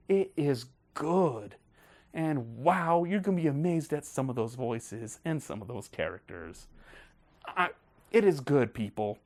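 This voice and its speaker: A man hosting a casual film review video, talking in a gushing, excited way. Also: a little high.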